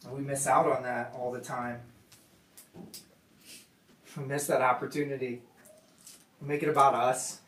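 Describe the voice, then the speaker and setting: A man preaching a sermon in a conversational way, dropping to a hushed lower voice when he quotes God. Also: flat delivery, unhurried, long pauses. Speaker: pastor. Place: church meeting room. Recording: roomy sound from a distant mic.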